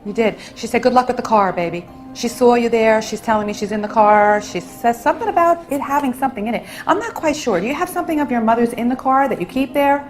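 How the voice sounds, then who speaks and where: A woman's voice: on the high side, fast, hardly any pauses, faint music behind, low-quality recording. Soothing woman medium addressing an audience. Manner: soothing, calls people honey and sweetheart. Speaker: psychic medium. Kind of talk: stage reading for an audience.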